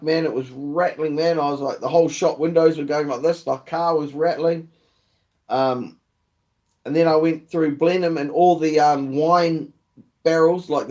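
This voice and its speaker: A young man with a New Zealand accent chats casually on a livestream. His voice sits a little high, yet its tone is soft and mellow. He swears freely and drops mate and bro into nearly every line. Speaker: livestream host. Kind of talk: casual live chat.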